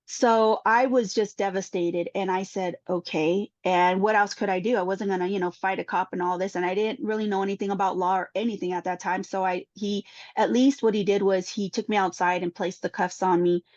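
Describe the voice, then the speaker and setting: A woman's voice: mid-range voice, a little fast, no room sound. Woman telling her story, dull dry sound. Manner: animated storytelling, acting out quoted exchanges. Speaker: panel guest. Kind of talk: emotional personal testimony.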